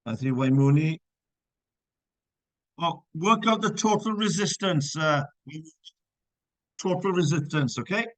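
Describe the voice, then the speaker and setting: A man's voice: a little high, unhurried, long pauses, no echo, low-quality recording. A man teaching physics in a live online class, checking students' answers with encouragement and working through problems step by step.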